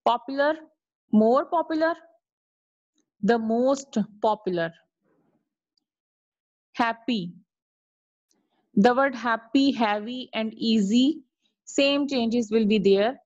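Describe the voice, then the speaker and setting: A woman teacher with a fairly high voice walks her class through grammar rules over a video call. She explains slowly, repeats each point and keeps checking whether it is clear. The audio is dull and lo-fi. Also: darkish tone, no room sound. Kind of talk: online grammar lesson.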